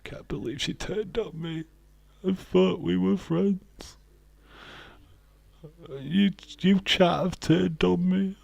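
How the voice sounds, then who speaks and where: Brief: a man doing a wailing, heartbroken woman wrestler, pitched well up, drawn out slowly. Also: fairly even intonation, gravelly, a little mellow, dry recording, exaggerated voice. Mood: mock sobbing. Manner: mock-tearful, wailing and high. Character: sobbing, betrayed grown woman wrestler, melodramatic.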